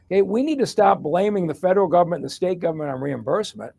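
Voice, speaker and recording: This middle-aged Detroit guest, formerly a hospital executive and mayor, races through a long, plain-spoken story answering an interview question. His voice sits high yet sounds gravelly and dark, with expressive delivery.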